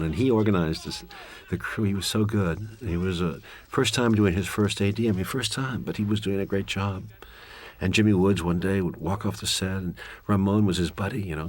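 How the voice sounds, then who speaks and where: Low-voiced man rambling through a commentary. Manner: rambling, candid, wry. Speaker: film director giving commentary. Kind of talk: director's commentary, reflective storytelling.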